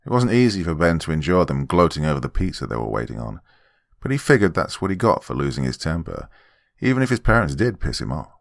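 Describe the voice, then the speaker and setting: A man narrating a horror story in a dramatic, expressive scripted read. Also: a bass voice, fast, vocal fry, no echo, clean studio sound.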